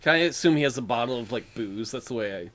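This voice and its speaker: A man's voice: animated, fast talker, fairly bright tone. A man in his late thirties co-hosting a gaming podcast, joking around in a playful, teasing way. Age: late 30s. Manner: playful, jokey, bursts into squeaky put-on voices. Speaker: podcast co-host. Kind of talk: casual chat.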